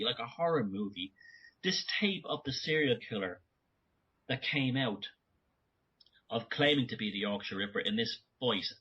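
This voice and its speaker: Man, interview guest, husky voice, rambling with restarts, dull lo-fi sound. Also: mid-range voice. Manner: rambling, frequent restarts and self-corrections. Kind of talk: remote conversational interview.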